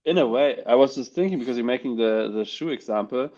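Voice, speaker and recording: A man's voice: mid-range voice, fast, dark tone, highs cut off. A man hosting a webinar, thinking aloud in a casual remark over a video call.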